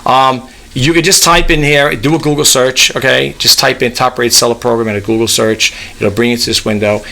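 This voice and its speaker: With a creaky, bright, forceful mid-range voice, a little fast and fairly even in intonation, an eBay reseller vlogger from New York on the US East Coast talks through a casual screen-share vlog about online reselling. He rambles, reads web pages out loud, and keeps checking in with "okay?" and "you know."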